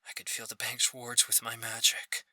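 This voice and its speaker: A man voicing a nervous young man in disguise as a bank manager, speaking low and hushed. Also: completely flat delivery, moderate pace, no room sound.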